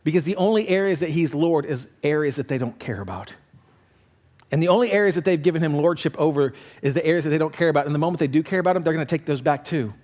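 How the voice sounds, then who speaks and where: A man delivers a sermon with a fairly high voice. He preaches in an animated, conversational way, acting out quoted voices and swinging between loud emphasis and quiet, low lines. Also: quick pace. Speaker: pastor.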